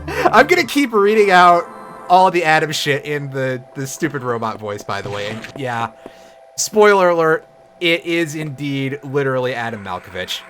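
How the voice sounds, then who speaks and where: A man's voice: fairly high pitch, animated, normal speed, fairly bright tone. A man streaming a game, giving casual, sarcastic commentary with swearing and jokes. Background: game music.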